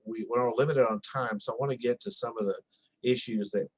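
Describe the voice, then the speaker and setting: A man interviewing a candidate for a local news magazine, asking his questions haltingly with many restarts. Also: medium pitch, steady tone, a little hiss or hum, poor audio.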